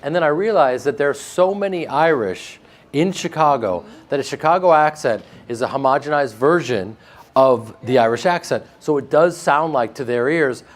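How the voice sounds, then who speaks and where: A man with a flat Midwestern American accent, answering interview questions in a casual, joking way and laughing often. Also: medium pitch, moderate pace. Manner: animated, joking, laughs often, with frequent restarts. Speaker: actor being interviewed.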